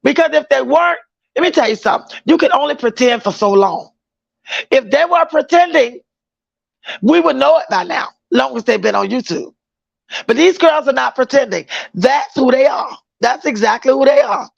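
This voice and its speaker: A woman's voice: high-pitched, expressive, normal speed, gravelly, highs cut off. A woman hosting a casual livestream, chatting with viewers, greeting them by name, using slang. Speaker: livestream host.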